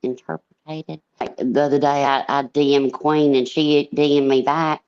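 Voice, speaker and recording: A woman's voice: low-pitched, little pitch movement, normal speed, a little mellow, smooth, muffled recording. A middle-aged woman chatting casually as a livestream panel guest, rambling and blunt, swearing freely and full of fillers. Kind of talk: casual chat.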